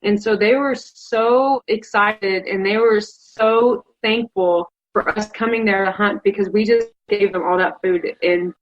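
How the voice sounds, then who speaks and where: A woman's voice: medium pitch, fairly even intonation, measured pace, few pauses. A woman from Colorado, a hunting contest finalist, telling a story in a chatty, emotional way that's full of "like". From Colorado, United States. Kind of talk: casual interview storytelling. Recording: dull lo-fi sound.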